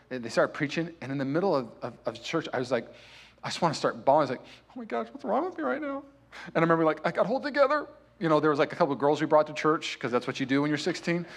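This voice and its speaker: Impassioned young male pastor preaching. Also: a little high. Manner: impassioned preaching with loud, rising peaks. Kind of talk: sermon. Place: church sanctuary.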